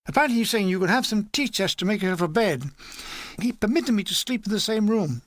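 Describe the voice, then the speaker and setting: Deadpan memoir narrator, man, high voice, dry close mic. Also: quick pace, no room sound. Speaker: audiobook narrator. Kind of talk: comic memoir reading.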